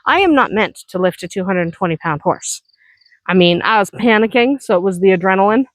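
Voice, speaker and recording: A woman's voice: medium pitch, expressive, fairly quick, dry recording. A woman vlogging outdoors on her farm, chatty and reassuring, tired and sore after heavy work. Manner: chatty and reassuring, talking while walking around the farm. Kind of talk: casual vlog chat.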